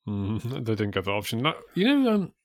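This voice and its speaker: An English man in a casual podcast chat, musing aloud and wandering between thoughts. His voice sits a little low, and he teases his co-host with pointed questions, heard close and dry. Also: big pitch swings, brisk, no echo. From England. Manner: musing, rambling, teasing questions.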